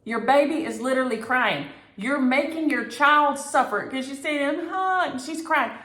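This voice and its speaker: A woman hosting a needlework vlog, telling a story in an animated, exasperated way. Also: high voice, moderate pace. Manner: animated, exasperated storytelling with Southern turns of phrase. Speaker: flosstube host. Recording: echoey room.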